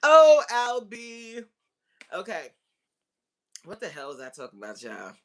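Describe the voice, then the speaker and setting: A woman coaching on relationships in a casual live-stream chat, excitable and talking straight to her viewers as y'all. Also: a bass voice, moderate pace, husky.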